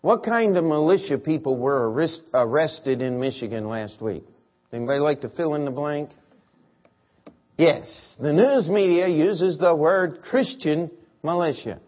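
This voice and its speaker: A man preaching a sermon, emphatic and asking the congregation rhetorical questions. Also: mid-range voice. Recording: muffled lo-fi sermon recording.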